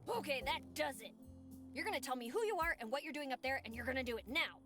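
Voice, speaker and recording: A woman voicing a sarcastic, quick-witted game heroine who keeps arguing with a duck. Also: high-pitched, expressive, a bit bright, faint music behind. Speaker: game protagonist. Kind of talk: voiced game dialogue.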